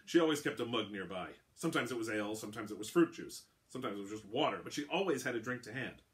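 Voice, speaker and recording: A man voicing a gruff, hot-tempered male gnome quartermaster who snarls threats. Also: lowish voice, expressive, fast, close to an everyday voice. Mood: fond. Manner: angry, threatening.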